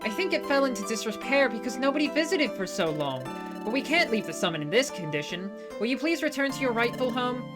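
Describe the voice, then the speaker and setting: A woman's voice: fairly high pitch, big pitch swings, fairly quick, over loud music. Woman playing an earnest, pleading mountain shaman.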